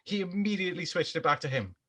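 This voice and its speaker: A young man with an animated, swinging pitch chats casually on a podcast. He wryly corrects his friends. Crowd chatter sits clearly behind his voice. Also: fast. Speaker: podcast co-host. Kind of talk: casual chat among friends.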